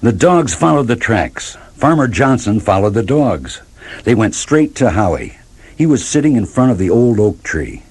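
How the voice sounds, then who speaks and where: A man reading a children's story aloud, with lively, expressive narration. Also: lowish voice, moderate pace, husky.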